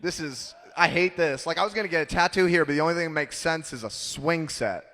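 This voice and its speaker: A man's voice: fairly high pitch, a little fast, bright, forceful tone, long reverb tail, a little hiss or hum. A man in his thirties doing a punchy, self-mocking stand-up comedy set on a club stage. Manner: punchy, self-mocking delivery with acted-out quotes.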